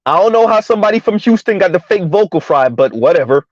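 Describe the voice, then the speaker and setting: A man giving a heated, emphatic commentary rant on his vlog, repeating his points loudly. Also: sits high, lively intonation, quick pace, no echo, highs cut off. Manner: loud, emphatic, repeats points, laughs at times. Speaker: commentary vlogger.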